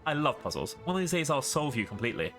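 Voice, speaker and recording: A man's voice: mid-range voice, sing-song, fast, fairly bright tone, soft background music. A man voicing an eccentric female scientist who is curious, blunt and matter-of-fact, reading game dialogue aloud. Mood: clinical.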